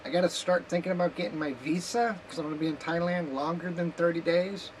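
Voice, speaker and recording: This woman talks fast in a fairly low-pitched voice as she chats casually on her vlog, rambling and cracking jokes in her kitchen at home and occasionally eating while speaking. Background hiss runs through the recording.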